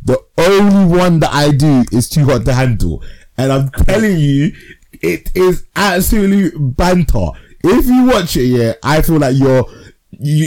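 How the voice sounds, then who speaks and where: A young man co-hosting a casual podcast, slangy and animated, laughing easily. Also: on the high side. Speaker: podcast co-host. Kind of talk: casual chat.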